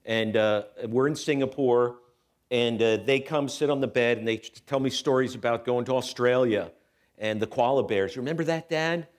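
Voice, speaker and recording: Holding a microphone in a church hall, a middle-aged man speaks as a guest at a spiritual center, recounting a personal story. He pokes fun at himself, stays animated and performs different voices, at a medium pitch and normal speed.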